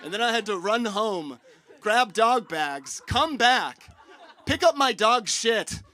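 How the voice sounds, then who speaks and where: High-voiced young man doing animated stand-up. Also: slow, a faint crowd. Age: young adult. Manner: animated, profane, bursts into shouting. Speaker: stand-up comedian. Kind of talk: stand-up comedy set. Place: live comedy show on stage.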